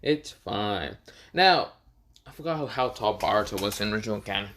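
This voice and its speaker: A man's voice: on the low side, lively intonation, fast talker, a bit bright, a little hiss or hum. Casual, profane male storyteller. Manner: casual, profane, laughs at own jokes. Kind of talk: improvised fan story narration.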